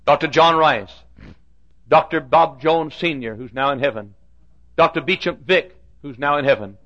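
An older male pastor tells a story from the pulpit, stumbling over restarts and then breaking into loud preaching. His voice is gravelly, fairly high and sharp-edged. The lo-fi sermon recording sounds dull.

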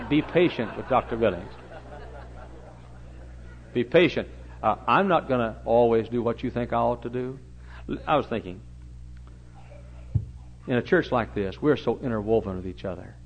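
This middle-aged pastor speaks in a lowish voice at normal speed, pausing often as he tells the stories of his sermon. He moves between near-whispers and loud outbursts, and the lo-fi recording sounds dull with slight background noise.

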